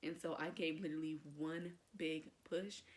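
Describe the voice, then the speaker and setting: A woman's voice: low-pitched, fairly even intonation, moderate pace, slight background noise. A young woman vlogger telling a personal story to camera in a chatty, emotional way, with lots of fillers.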